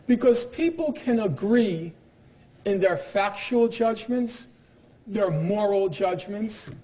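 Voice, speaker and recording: Man lecturing a room, higher voice, emphatic and ironic, argues point by point. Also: dark tone. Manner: emphatic, argumentative, with pointed irony. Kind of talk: university lecture. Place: lecture hall.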